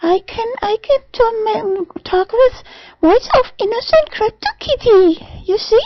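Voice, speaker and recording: A trans man putting on a ridiculously high, squeaky falsetto, like an innocent kitty, in a dull, dry lo-fi recording. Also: animated, unhurried, no room sound, exaggerated voice.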